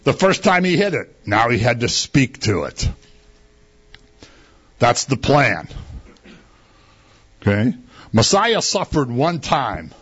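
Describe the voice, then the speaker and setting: Slow, husky male preacher. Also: medium pitch, very animated, a bit bright, muffled recording. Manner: conversational, asks the congregation rhetorical questions. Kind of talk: sermon.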